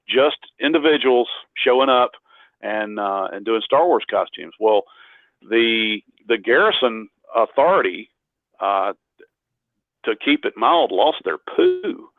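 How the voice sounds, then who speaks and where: A man's voice: mid-range voice, lively intonation, unhurried, dry recording. A man tells a long story as a guest, rambling and poking fun at himself as he goes. He comes through a thin, phone-like line. The sound is dry and close, with no room around it. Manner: rambling, self-deprecating, with frequent restarts. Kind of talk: casual storytelling in an interview. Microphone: phone on a call.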